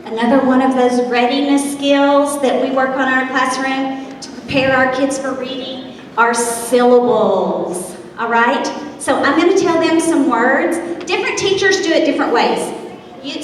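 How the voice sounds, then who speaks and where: A woman's voice: high-pitched, moderate pace. A woman kindergarten teacher, speaking to parents at a school event and leading children in drills. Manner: upbeat, leading children in call-and-response drills. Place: school gathering space. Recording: echoey hall from far off, faint noise.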